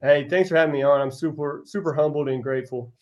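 A man's voice: fairly high pitch, steady tone, fast talker, darkish tone. A man in his thirties, a basketball coach, talking earnestly as a guest in a casual interview. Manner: earnest, reflective storyteller.

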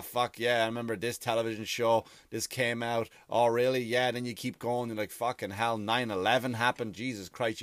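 A man in his forties rambles through a comic monologue, swearing freely in a conversational, unpolished way. His voice sits at an ordinary middle pitch for a man. The recording is dry and close, with no room sound. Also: a bit bright, dry recording.

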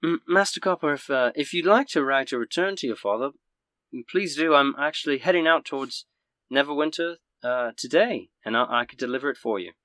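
A woman's voice: animated, a little fast, a bit bright, dry recording. A man voicing an eager, grateful older innkeeper's wife who stammers in a raised voice. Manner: high, fluttering, stammering.

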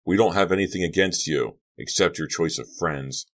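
A teenage football player blustering to sound tough, as a deep-voiced male reader puts him on. He barks short threats in a storybook reading. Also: normal speed, a bit bright.

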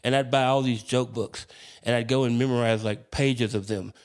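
Animated, profane male comedian telling stories. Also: mid-range voice, moderate pace. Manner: animated, profane, self-deprecating. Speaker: comedian guest. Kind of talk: casual podcast storytelling.

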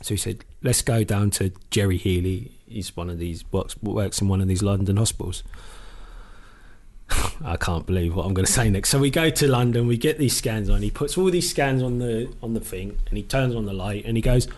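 A man's voice: on the low side, normal speed, a little mellow. A middle-aged man, a former footballer, casually telling a long story on a podcast, swearing freely and acting out what others said to him. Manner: swears freely, retells with quoted dialogue.

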